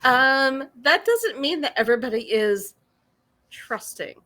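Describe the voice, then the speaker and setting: A woman's voice: high voice, animated, measured pace, crowd noise. A woman playing a tabletop game, wary and teasing, often cutting in. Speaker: player. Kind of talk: tabletop role-play, in and out of character.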